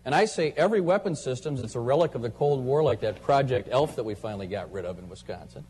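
A man's voice: mid-range voice, lively intonation, fast, darkish tone. A man rebutting a charge in a debate, firm and insistent. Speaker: politician in debate.

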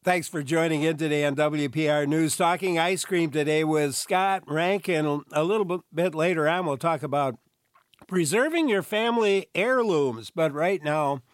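A man's voice: a little high, moderate pace, dry recording, studio quality. A man hosting a public radio call-in show, easygoing and lightly joking. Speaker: radio news host.

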